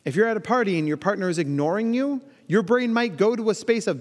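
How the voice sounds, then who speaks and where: A man in his thirties with a fairly high voice delivers a lively keynote talk, slipping into quick voices for the people he quotes. His voice carries a long reverb from the big hall he speaks in. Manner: animated, playful, acts out quoted voices. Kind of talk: conference talk. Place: large conference hall.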